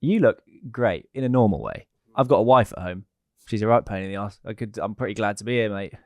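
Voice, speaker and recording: A man's voice: lowish voice, animated, fast, no echo, clean studio sound. A young man, co-hosting a comedy podcast in rambling, joking chat. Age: young adult. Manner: joking, rambling, swears freely. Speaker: podcast co-host.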